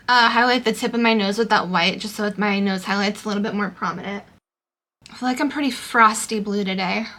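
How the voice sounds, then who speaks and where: Bright-voiced chatty young woman. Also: fairly high pitch. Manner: chatty, loose, many fillers like "um" and "like". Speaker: beauty vlogger. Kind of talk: casual makeup tutorial chat.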